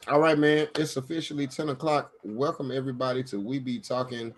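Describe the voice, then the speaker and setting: A man's voice: mid-range voice, flat delivery, fairly quick. A man hosting a casual online talk show over a video call, loose, joking and slangy. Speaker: host. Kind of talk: casual chat.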